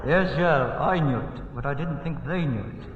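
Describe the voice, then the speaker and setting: A British man doing theatrical comic banter as a guest entertainer, bursting into loud rhetorical outcries. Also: mid-range voice, background noise. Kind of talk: comic stage banter on a TV variety show. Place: TV studio stage. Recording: echoey, distant, dull lo-fi 1960 TV broadcast.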